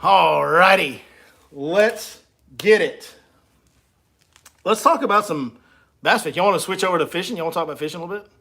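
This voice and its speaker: A man's voice: high-pitched, a little fast, creaky, pauses often, sharp tone. A man, a fishing guide hosting a casual livestream, reading comments and teasing with frequent laughs. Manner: joking, teasing and laughing between lines.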